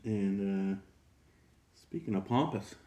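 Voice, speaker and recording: A man hosting a casual show, telling a long joke in a relaxed way with many pauses and fillers. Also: low-pitched, background noise. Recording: roomy echo.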